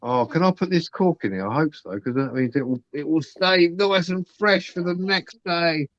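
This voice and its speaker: Casting: man, casual livestream host, chatty and sweary, slightly high voice, dull dry sound. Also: normal speed, no echo. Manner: chatty storyteller, swears freely, acts out quotes. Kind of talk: casual chat on a live stream.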